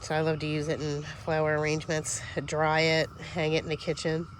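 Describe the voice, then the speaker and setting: A woman's voice: sits low, completely flat delivery, a little fast, slight background noise. A woman giving a casual tour of her vegetable garden outdoors, chatty and easily distracted, sniffling a little as she talks.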